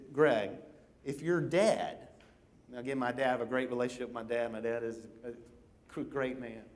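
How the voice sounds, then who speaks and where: A man preaching a conversational sermon in a church, often checking in with "right?" and acting out the scenes he reads. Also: mid-range voice. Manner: animated, acts out begging in a raised voice. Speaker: pastor. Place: church auditorium.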